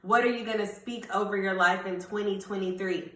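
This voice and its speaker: A woman's voice: medium pitch, fairly even intonation, brisk, roomy sound, far from the mic, low-quality recording. A woman giving a Christian encouragement talk for her channel, who repeats her key phrases and proclaims them over and over. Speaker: Christian vlogger. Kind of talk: faith encouragement vlog.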